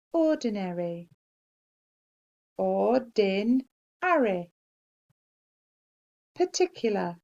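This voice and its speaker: A woman teacher giving a slow, clear spelling dictation to young children and praising them gently. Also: medium pitch, dull audio. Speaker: primary school teacher.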